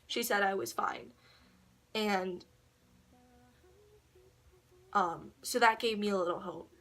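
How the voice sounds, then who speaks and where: A woman's voice: mid-range voice, slow, a bit bright. A teenage girl telling a long personal story to camera, rambling and swearing, with frequent laughs and quoted voices. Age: teens. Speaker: vlogger. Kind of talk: casual storytelling vlog.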